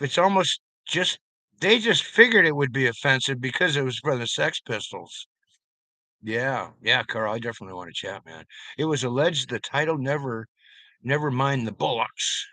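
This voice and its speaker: A man's voice: medium pitch, pushed and bright, dry recording. A man streaming live, chatting loosely with viewers, rambling and swearing freely. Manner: rambling, profane, talks to chat by name. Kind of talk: casual live-stream chat.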